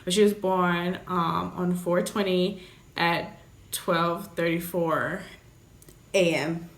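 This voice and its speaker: A woman's voice: lowish voice, steady tone, slow. A young woman vlogger telling a candid story in a blunt, joking, profane way. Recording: roomy echoey room.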